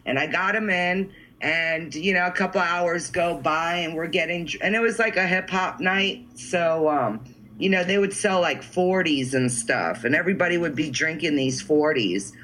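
A man's voice: a little high, normal speed, pushed and bright, slight background noise, low-quality recording. A man from New York telling a story in casual chat, laid-back and rambling. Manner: laid-back, rambling, lots of "you know".

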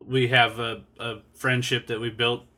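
A man hosting a podcast, chatting relaxed and casually with a guest over a video call. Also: medium pitch, a little slow. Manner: relaxed, laid-back, uses "like" and "you know" often. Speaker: podcast host. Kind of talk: casual interview chat.

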